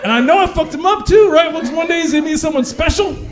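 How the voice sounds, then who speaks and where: A man's voice: extremely high pitch, very fast, a crowd in the background, background noise. A middle-aged man doing a stand-up set in a comedy club, telling crude stories and acting out the dialogue. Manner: crude, animated storytelling, acts out dialogue.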